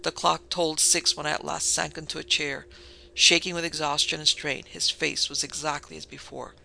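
Gravelly, bright-voiced male narrator. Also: on the high side, flat delivery, slight background noise, rough recording. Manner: formal and measured. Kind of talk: audiobook reading of a gothic tale.

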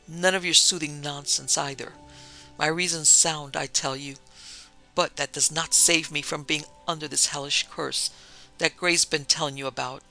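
A man reading aloud, voicing a hysterical, haunted gentleman who rants with agitated insistence. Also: fairly high pitch, steady tone, normal speed, creaky, faint music behind, heavily acted, poor audio. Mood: raving.

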